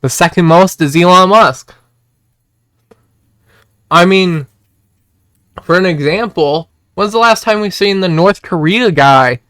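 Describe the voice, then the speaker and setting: Excitable young man ranting to chat. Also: sits high, slow pace, pauses often, dry recording, clean studio sound. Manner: excitable, repetitive, swears and shouts when worked up. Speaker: streamer. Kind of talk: casual political rant to chat.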